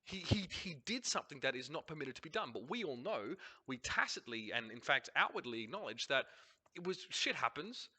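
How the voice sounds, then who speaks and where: Lively, bright-voiced Australian man. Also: mid-range voice, fairly quick, husky. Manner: animated, blunt, swears freely, rants in long runs. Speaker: host reviewing a match broadcast. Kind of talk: casual commentary over a replay.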